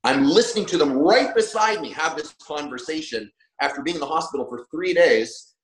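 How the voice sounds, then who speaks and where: A man's voice: on the high side, lively intonation, brisk. A man guesting on a podcast, telling a personal story bluntly and emphatically, swearing freely. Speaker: podcast guest, trainer and coach. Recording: roomy echo.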